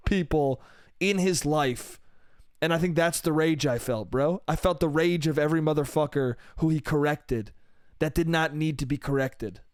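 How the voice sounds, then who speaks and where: Solo podcast host, young man, high bright voice, dry close sound, swearing exasperated rant. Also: clean tone, no room sound. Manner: profane, exasperated, mimics others mid-story.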